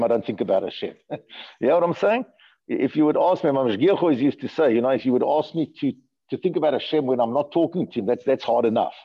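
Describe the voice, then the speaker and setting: Animated, gravelly-voiced man giving a Torah lecture. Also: mid-range voice. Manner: animated, rhetorical questions, repeated words. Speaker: rabbi teaching a class. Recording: dull lo-fi recording.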